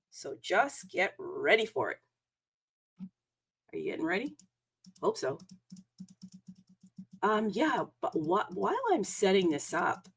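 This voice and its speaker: Her voice sits on the low side and sounds slightly rough as she runs a solo crypto livestream by herself. She's chatty and bubbly, wandering off on asides and filling her talk with fillers.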